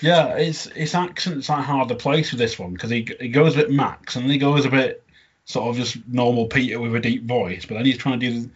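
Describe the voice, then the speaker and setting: A man's voice: mid-range voice, normal speed, breathy edge, lo-fi sound. A man, chatting casually as a podcast co-host and laughing often as he recaps an episode. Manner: chatty, laughing often, quoting lines in funny voices.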